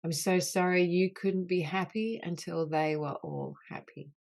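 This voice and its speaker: Slow, gravelly-voiced woman guiding healing. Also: on the low side, steady tone, darkish tone. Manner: slow, soothing, repetitive apology phrases. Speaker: soul mentor leading a healing call. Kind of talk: guided healing session. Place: online group call.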